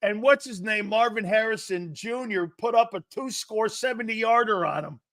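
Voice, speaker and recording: A man hosting a sports talk show, brash and profane, arguing loudly with his co-host. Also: high voice, moderate pace, dry recording.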